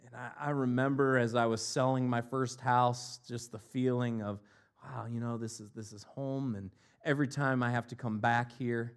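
A man from Ohio preaching a sermon, mixing jokey, animated asides with earnest, quieter scripture reflection. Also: mid-range voice, moderate pace. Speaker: pastor.

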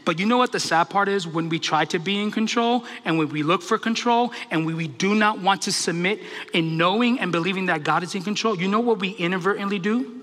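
High bright-voiced male pastor preaching. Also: fairly quick, few pauses, big-room sound. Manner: animated storytelling with humor. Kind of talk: sermon.

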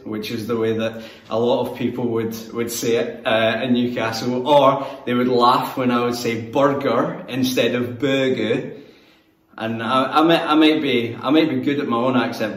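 A Scottish man in his thirties, a church youth leader, giving a relaxed, conversational, self-deprecating sermon. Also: medium pitch. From Scotland. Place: church hall. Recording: echoey room, mic at a distance.

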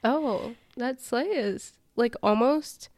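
A woman's voice: a little high, slow, a little mellow, no echo. A young woman co-hosting a casual podcast, reacting with gushing, emotional chat. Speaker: podcast co-host.

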